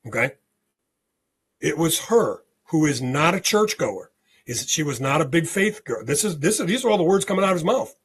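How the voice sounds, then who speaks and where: A man guest on a spiritual podcast, telling a story in an animated way and often checking in with "okay?". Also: a little high, normal speed, slightly rough.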